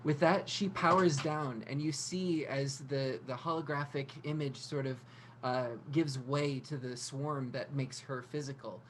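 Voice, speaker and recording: Low-voiced woman narrating as game master. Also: a little slow, slight background noise. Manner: relaxed, filler-heavy narration.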